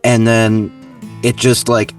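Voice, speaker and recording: A man voice actor with a sarcastic, deadpan manner talking in a casual interview. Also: mid-range voice, takes it slowly, distant mic, soft background music. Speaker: voice actor guest.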